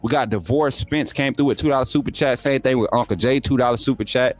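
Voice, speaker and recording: A young man, hosting a sports livestream, reading super chats and teasing viewers in energetic, laughing banter. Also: medium pitch, quick pace, soft background music. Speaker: YouTube sports show host.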